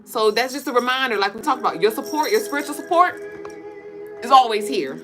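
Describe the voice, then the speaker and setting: A woman hosting a live spiritual reading stream, talking in an animated, profane, laughing way and breaking into chants. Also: fairly high pitch, brisk, music in the background. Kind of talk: casual live-stream tarot-style reading.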